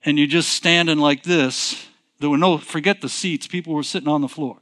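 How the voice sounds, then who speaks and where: A man's voice: fairly high pitch, fairly even intonation, normal speed, a bit bright. A male pastor telling a personal story in a sermon, conversational and rambling, often restarting with "so anyways". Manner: conversational, repeats himself, frequent "so anyways" restarts.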